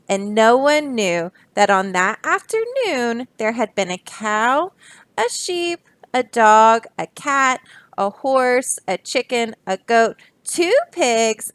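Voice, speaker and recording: A woman teacher reading a picture book aloud to children, expressive and adding little asides to her listeners. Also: on the high side, dry recording.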